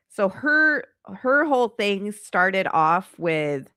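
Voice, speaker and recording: A woman's voice: mid-range voice, big pitch swings, slow pace, hardly any pauses, sharp tone, no echo, clean studio sound. Congested woman doing casual true crime chat. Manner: chatty and rambling, exasperated. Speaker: true crime channel host. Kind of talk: casual commentary on a live stream.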